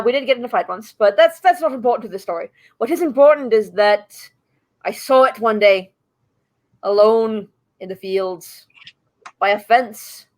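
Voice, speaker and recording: Woman spinning a tale as a tabletop player. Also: fairly high pitch. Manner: rambling, casual, swears freely. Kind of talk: in-character storytelling in a tabletop game.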